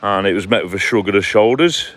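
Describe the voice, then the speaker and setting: A chatty man live-streams outdoors on a seaside clifftop walk, his lowish, slightly bright voice moving at a quick pace. He reads his chat and talks to viewers by name in a casual, matey manner.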